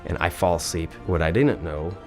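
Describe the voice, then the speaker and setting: Young man, very low voice, animated storytelling, acts out dialogue, faint music underneath. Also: normal speed. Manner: excited retelling, acts out quoted dialogue, fillers like "like" and "man". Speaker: Air Force veteran telling his story.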